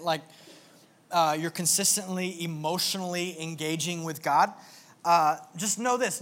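Young male pastor with a high voice; conversational, earnest sermon delivery. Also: fairly bright tone. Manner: conversational, earnest, with filler words.

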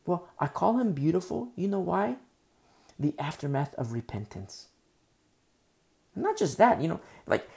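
A male pastor preaching a Bible-study sermon, his voice gravelly with a lot of fry. His pitch swings widely as he stresses words. He repeats key phrases to drive the point home. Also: mellow.

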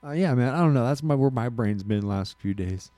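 Man, casual podcast chat, rambling storyteller, mellow low voice, dry close sound. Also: lively intonation, brisk, dry recording. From Alaska. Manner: rambling, self-correcting storyteller. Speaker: podcast co-host.

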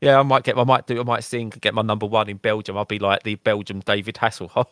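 A man's voice: lowish voice, level tone, fast talker, fairly bright tone, clean tone, no room sound. A man co-hosting a gaming podcast, chatting casually with dry, self-mocking humour. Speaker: podcast co-host.

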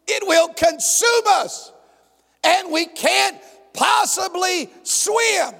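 A preacher acting out a pleading, frightened prophet. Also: male voice, very high-pitched, animated, extremely slow, gravelly, fairly bright tone, raised voice, in a large hall, voice pushed up, heavily acted. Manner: desperate, whining cry for help.

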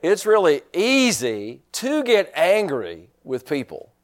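A man's voice: high voice, wildly swooping pitch, slow pace. A man preaching a sermon in a folksy, joking way, restarting his sentences often. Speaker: pastor.

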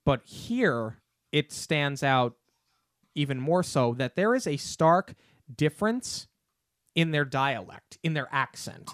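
Opinionated co-host from New York, argues with plenty of ums, mid pitch, dead-dry recording. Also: a little slow, dry recording. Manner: opinionated, argumentative, many fillers and restarts. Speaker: podcast co-host. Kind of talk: casual review chat.

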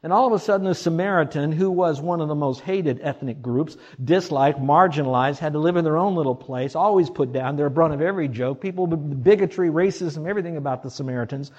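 A middle-aged male pastor preaching a sermon, swinging from loud emphasis to hushed asides. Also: a little high, fast, few pauses, slightly rough, muffled recording.

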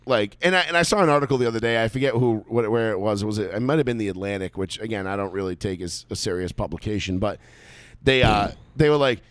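A man's voice: on the low side, quick pace, no room sound. Wry man griping on a talk show. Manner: wry, sarcastic complaining. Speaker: podcast co-host. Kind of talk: casual sports talk-show banter.

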